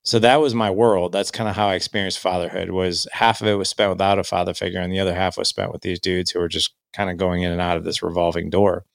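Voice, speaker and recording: A man's voice: low-pitched, little pitch movement, fast talker, gravelly, few pauses, no echo, clean studio sound. A man, candidly telling his life story in a reflective way. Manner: candid, reflective, quotes himself and others. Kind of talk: personal storytelling.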